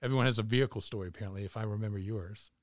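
A middle-aged man telling a story in a measured, casual way, with frequent fillers. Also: fairly low pitch, no echo, clean studio sound.

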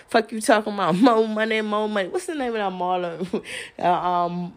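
A woman's voice: mid-range voice, moderate pace. A woman ranting on a podcast, profane and confrontational, laughing between jabs. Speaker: podcast host. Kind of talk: heated solo rant.

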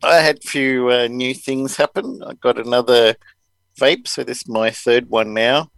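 A man's voice: medium pitch, fairly even intonation, normal speed, fairly bright tone, no echo, poor audio. A man hosting a podcast, chatting casually and rambling with many fillers. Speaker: podcast host. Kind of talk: casual chat.

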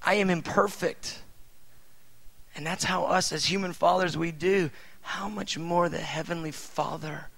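A middle-aged man preaching with a high, keen voice. He talks casually, full of fillers, then swells into loud emphatic bursts before dropping to soft asides. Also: steady tone, unhurried, gravelly, rough recording. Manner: conversational, with many fillers. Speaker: pastor. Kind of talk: sermon.

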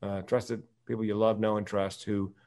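A man's voice: lowish voice, little pitch movement, moderate pace, a little mellow. A man from the United States, a podcast guest, talking candidly in casual conversation and laughing often while telling stories.

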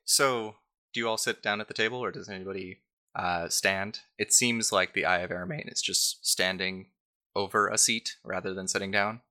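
Bright-voiced man running a tabletop game. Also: sits low, fairly even intonation, moderate pace. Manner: descriptive, with frequent "uh" and "like". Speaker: game master.

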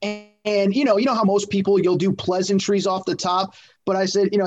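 High-voiced man in rambling sports talk. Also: fairly even intonation, brisk, darkish tone. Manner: rambling, many fillers and restarts, emphatic. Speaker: sports media podcast co-host. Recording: dull lo-fi audio.

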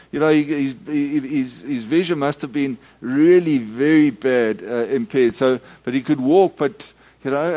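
A middle-aged Methodist minister, giving a storytelling sermon full of restarts and acted-out shouts. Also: male voice, fairly high pitch. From South Africa.

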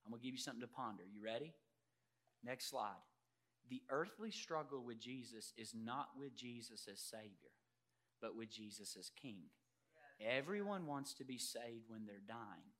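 A man preaching a sermon as pastor, emphatic, swinging from loud declarations to quiet earnest asides and putting questions straight to the congregation. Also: medium pitch, lively intonation, normal speed. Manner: addresses congregation directly with rhetorical questions.

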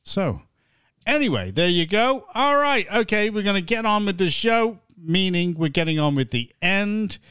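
A man hosting a satirical pub-style podcast chat, bossy and teasing, quick to laugh. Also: high-pitched, big pitch swings, a bit bright, smooth, dry recording, clean studio sound. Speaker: podcast host.

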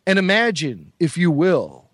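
A man's voice: a little high, huge pitch swings, measured pace, fairly bright tone, breathy edge, no room sound, studio quality. A man co-hosting a podcast, enthusiastic and joking in casual chat. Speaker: podcast co-host.

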